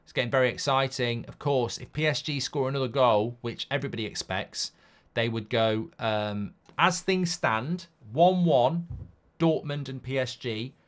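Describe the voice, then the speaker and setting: This is casual live-stream chat from a man running a football watchalong at a moderate pace. He reads out comments from viewers and wanders through blunt stories, his volume swinging between shouting and quiet muttering.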